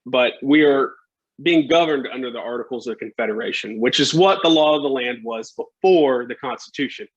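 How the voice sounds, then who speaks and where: A man's voice: mid-range voice, fairly quick, breathy edge. Man casually telling history. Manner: conversational, lots of "right?" and "like". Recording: dull lo-fi podcast audio.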